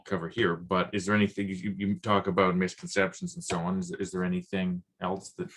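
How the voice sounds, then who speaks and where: Male host from Ontario, Canadian accent, hesitant delivery with fillers, slightly low voice. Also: level tone, a bit bright. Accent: Southern Ontario Canadian. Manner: halting, many restarts and fillers. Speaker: podcast host. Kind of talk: casual interview chat.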